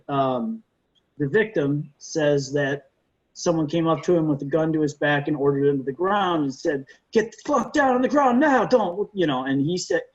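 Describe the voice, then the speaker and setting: A man, a defense lawyer, telling courtroom stories in a casual interview, animated and often restarting his sentences. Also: fairly high pitch. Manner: animated storyteller, frequent restarts and stammered repeats. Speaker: defense lawyer, podcast guest. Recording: dull lo-fi sound.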